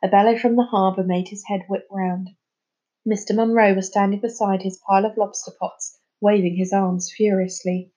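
A woman reading a children's storybook chapter aloud, lifting her voice for the characters' lines. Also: normal speed. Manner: lively, voices the children's lines higher and louder. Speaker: reader. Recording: slightly dull, lo-fi sound.

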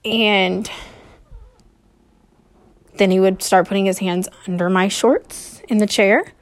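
Woman podcast host, solo story monologue, halting, nervous, a little breathless, mid-pitched. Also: fairly even intonation. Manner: hesitant, with frequent pauses and fillers.

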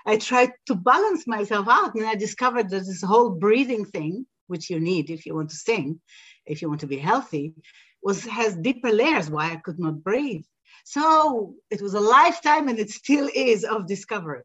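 A woman guest on a podcast, a singer and sound healer, telling her story in an animated way with frequent hesitations. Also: medium pitch, normal speed, slightly rough, highs cut off. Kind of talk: casual podcast interview.

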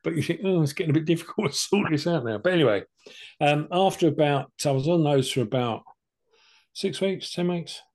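Animated and fairly quick, an older man speaks in a fairly high, slightly mellow voice while relating his cancer story as a podcast co-host. He's casual, chatty and plain-spoken, acting out both speakers in each conversation.

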